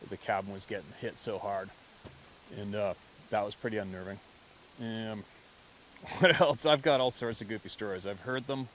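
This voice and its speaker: A man with a slightly low voice tells his story in a loose, chatty way. He swears freely and laughs now and then as he talks. A faint hiss sits under the recording. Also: moderate pace, pauses often, fairly bright tone, poor audio. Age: adult, past mid-twenties. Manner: conversational, profane, laughs often. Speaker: hunter telling encounter stories. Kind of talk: casual spoken storytelling.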